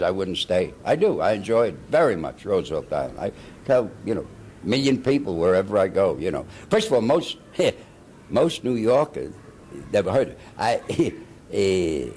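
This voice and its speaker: A man's voice: lowish voice, normal speed, a little hiss or hum. An older man, an actor telling stories in a casual interview and acting out the quotes with laughs. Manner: animated anecdotes with laughs and acted-out quotes.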